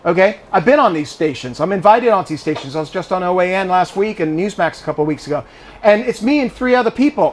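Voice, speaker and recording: A fast-talking man in his fifties with a high, expressive voice responds to audience questions after a speech in a private home's living room. He is conversational, frequently repeating words as a sentence begins, and slight background noise is audible.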